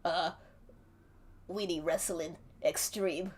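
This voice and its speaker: Woman putting on a gravelly wrestling promoter. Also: on the low side, fairly even intonation, takes it slowly. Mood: gushing. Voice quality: rough, throat-straining. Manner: boastful, gushing showman. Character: strained, gravelly male wrestling promoter, showy.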